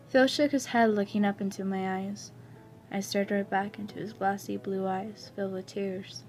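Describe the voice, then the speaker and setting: A woman's voice: medium pitch, fairly even intonation, normal speed, a little mellow. Woman reading a fan story aloud. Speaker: story reader. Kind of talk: first-person fan fiction narration.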